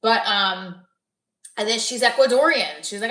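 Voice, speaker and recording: A woman's voice: fairly high pitch, moderate pace, pushed and bright. Rambling woman comic on an echoey stream. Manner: rambling, self-interrupting, jokey. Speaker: comedian hosting a livestream. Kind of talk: casual chat with live chat. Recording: echoey room, voice a bit far from mic.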